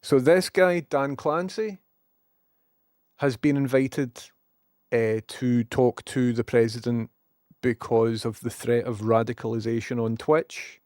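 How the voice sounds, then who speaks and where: A man's voice: medium pitch, fairly even intonation, slow pace, darkish tone, no echo, studio quality. Sarcastic sweary Scottish man streaming. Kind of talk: casual live-stream rant.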